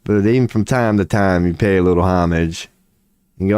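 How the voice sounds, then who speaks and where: A man's voice: low-pitched, a little fast, a little mellow, clear, resonant tone, no room sound, clean studio sound. A man, rambling casually on a stream at home, profane and self-mocking. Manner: profane, laid-back, self-mocking with frequent laughs.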